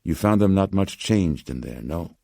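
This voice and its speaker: Man voicing an anxious old pawnbroker, Slavic-tinged accent, deep, grave and measured. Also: lively intonation, creaky, dry recording, studio quality, full character voice. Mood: urgent hushed. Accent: Slavic-tinged, as put on. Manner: slow, grave, hushed insistence.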